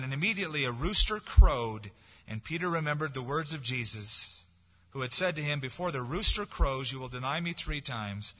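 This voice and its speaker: A man preaching a sermon, swinging from forceful, dramatic lines to soft, hushed ones. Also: on the high side, a little fast. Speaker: pastor. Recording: dull lo-fi sound with long hall reverb.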